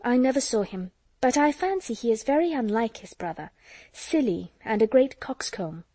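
A woman reads a jealous, scheming young lady in a storybook, speaking in a mellow, slightly raised voice. She sounds earnest and confiding. The sound is close and dry. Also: fairly high pitch, expressive, moderate pace, no room sound, voice pushed up.

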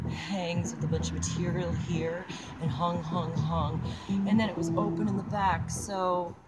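A young woman talks casually while she works on a craft project outdoors, her voice sitting a little low. She rambles, swears freely and laughs at herself often. Loud music plays steadily behind her. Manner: chatty, swears, laughs often, self-mocking. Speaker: vlogger. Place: outdoors on a mountain.

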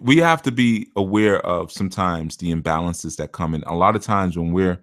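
A man's voice: sits low, normal speed, dry recording, studio quality. A man giving a blunt, casual spiritual talk as a reader, acting out the voices of the people who come to him. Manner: blunt, acts out clients' voices.

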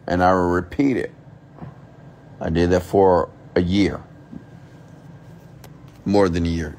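This motivational speaker is a man who rants with emphasis, says the same things over, poses rhetorical questions, and swears offhandedly. His voice is low with a darkish tone, against a slight hiss or hum.

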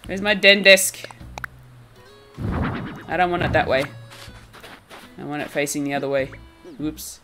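Bright-voiced woman streamer, giggly. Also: low-pitched. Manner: chatty, giggly, teasing chat readers. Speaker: game streamer. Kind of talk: casual live-stream chat while playing. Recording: faint game music behind.

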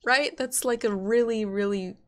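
A woman's voice: on the high side, moderate pace, a bit bright, a little hiss or hum. An American woman playing a game and chatting casually about it, giggly and talkative. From United States. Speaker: game streamer. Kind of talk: casual let's play commentary.

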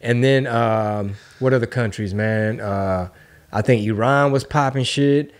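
A man hosting a casual comedic podcast, riffing in an animated, mocking way with frequent profanity. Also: medium pitch, measured pace. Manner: animated, mocking, mimics voices for jokes, profane. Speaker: podcast host. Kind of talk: casual comedic political chat.

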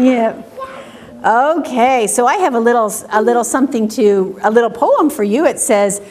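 A woman reading picture books aloud at a children's story time, asking questions and making animal sounds in a slow, sing-song way. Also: fairly high pitch, lively intonation, a little mellow.

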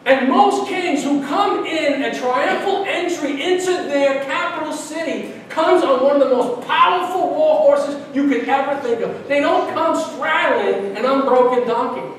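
A man from Brooklyn, preaching an animated sermon as pastor, often restarting and repeating himself. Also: extremely high pitch, measured pace, hardly any pauses, slight background noise. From Brooklyn, New York. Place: large church sanctuary. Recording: very echoey church from far off.

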